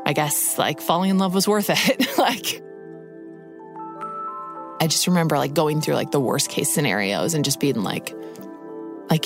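A woman's voice: low voice, gravelly. A woman guest casually telling a personal story with wry humor, saying "like" again and again.

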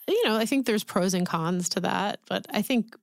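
A woman's voice: mid-range voice, normal speed, gravelly, no room sound, clean studio sound. A woman guest chatting casually and reflectively. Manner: thoughtful, reflective. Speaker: podcast guest, author. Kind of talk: casual chat.

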